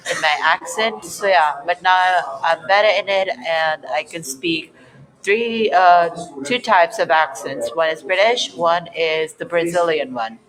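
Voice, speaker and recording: Young interview guest, chatty. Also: male voice, a little high, rough recording. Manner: chatty, leans on fillers like "so yeah" and "specifically". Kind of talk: casual interview answers. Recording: crowd noise behind the voice.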